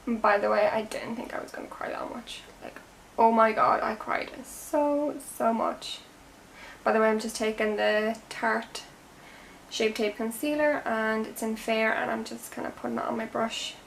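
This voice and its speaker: A young Irish woman chats away while she does her makeup, rambling from one story to the next and sometimes dropping to a soft half-whisper. Her voice sits a little high with a gravelly fry, and a faint hiss runs behind it. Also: normal speed. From Ireland. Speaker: beauty vlogger. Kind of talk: chatty get-ready-with-me vlog. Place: home room.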